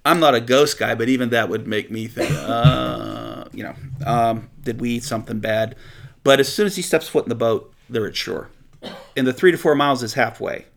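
A man teaching through Bible passages in a conversational, animated way, reading verses aloud and joking with his listeners. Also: mid-range voice, moderate pace, gravelly. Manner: conversational, animated, chuckles often.

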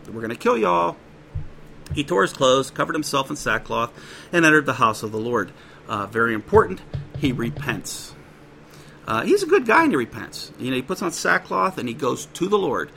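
A man preaching a sermon in a conversational way, with quick asides and dramatic quoted voices. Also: a little high, gravelly, bright, forceful tone, slight background noise. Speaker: pastor.

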